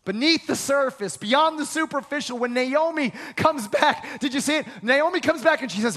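His voice is very high-pitched and a bit bright, moving at a moderate pace with hardly any pauses. The man is a pastor giving a dramatic, emphatic sermon in a hall with reverb, acting out conversations and building to repeated phrases.

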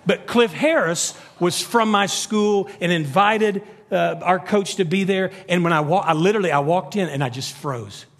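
A middle-aged man preaching a sermon, telling stories with animated energy that climbs to near-shouts. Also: high-pitched, normal speed, hardly any pauses. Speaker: pastor. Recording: long reverb of a large hall.

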